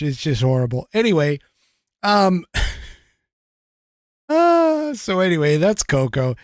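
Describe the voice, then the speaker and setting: A man's voice: a little high, sing-song, slow pace, pauses often, no echo, studio quality. A man hosting a podcast, talking in a casual, rambling way with lots of fillers, restarts and frequent chuckles. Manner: chuckles often. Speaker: podcast host.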